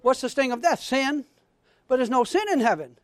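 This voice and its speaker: A man preaching a fervent sermon in a strikingly high voice. He reads scripture with rising excitement and keeps calling out to his congregation for a response. The sound is dry and close, with no room echo. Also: normal speed. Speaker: pastor.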